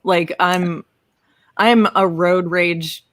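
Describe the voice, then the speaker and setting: A woman in her forties, co-hosting a podcast, chatting casually and telling animated stories with plenty of swearing. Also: lowish voice, extremely slow, no room sound. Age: 40s. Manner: animated storyteller, swears freely. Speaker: podcast co-host. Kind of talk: casual chat.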